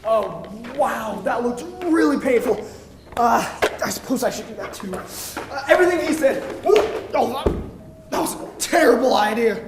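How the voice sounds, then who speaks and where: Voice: medium pitch, expressive, moderate pace, close to an everyday voice. A stage performer playing a vain, muscle-proud young male suitor with a boastful, mock-heroic delivery. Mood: dazed. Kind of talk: amateur stage comedy. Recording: noisy, echoey stage recording.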